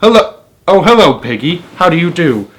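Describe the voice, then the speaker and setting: A man's voice: a little high, very animated, normal speed, voice pushed up. Man doing a sugary sly little girl. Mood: sweet. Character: sweet-talking sly young girl.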